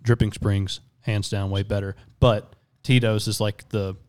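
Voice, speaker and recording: Loud quick-talking man. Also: on the low side, little pitch movement, smooth. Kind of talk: casual podcast chat.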